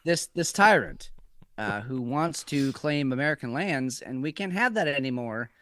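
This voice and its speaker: A man doing a loud, boastful impression of a president who keeps reassuring everyone and repeating himself. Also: medium pitch, lively intonation, moderate pace, natural voice. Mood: swaggering. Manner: bragging, reassuring, repetitive.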